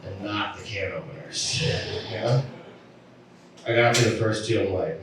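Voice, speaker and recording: A man doing a stand-up set, telling stories in a deadpan way and acting out the people in them. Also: lowish voice, measured pace, noisy background. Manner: deadpan storytelling with acted-out voices. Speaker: stand-up comedian. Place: comedy venue. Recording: echoey room from a distant mic.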